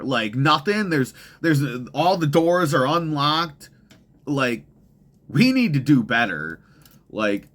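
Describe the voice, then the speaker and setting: A man's voice: medium pitch, a bit bright. A young man hosting a podcast, ranting in heated, profane, rambling commentary full of restarts. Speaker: podcast host.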